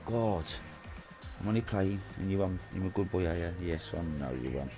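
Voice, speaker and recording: A man's voice: low voice, expressive, normal speed, over music. A man chatting casually and swearing while streaming a game. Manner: swearing, rambling storytelling. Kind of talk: casual chat while gaming.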